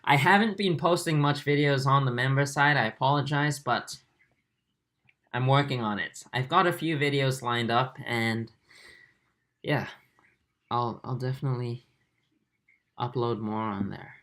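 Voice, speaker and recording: A man in his twenties hosting a livestream, reading viewer comments aloud in a soft, halting way with many fillers. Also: medium pitch. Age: 20s. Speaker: aquarium channel host.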